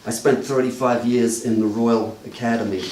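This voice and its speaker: A man doing live character comedy as a detective, with deadpan mock-official patter aimed at the audience. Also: medium pitch, moderate pace. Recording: echoey live room, distant mic, faint noise.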